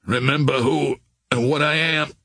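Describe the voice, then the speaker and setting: A man's voice: mid-range voice, steady tone, moderate pace, pushed and bright, slightly rough, no room sound. A man playing a blunt young brawler. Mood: earnest. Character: rough young brawler, tough yet humble man. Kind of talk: audiobook character voice.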